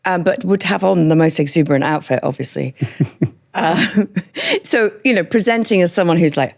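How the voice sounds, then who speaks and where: A woman from northern England with a hybrid northern English and Scottish accent, talking frankly as a podcast guest, chatty and quick to laugh. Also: on the low side, sing-song, gravelly. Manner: frank, chatty, laughs often, slows for emphasis. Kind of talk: candid personal interview.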